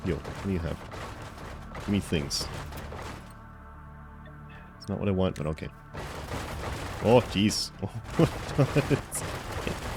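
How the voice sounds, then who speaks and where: A man's voice: low-pitched, creaky. A man streaming a game live, chatting with viewers in playful, mock-offended banter with stammering restarts.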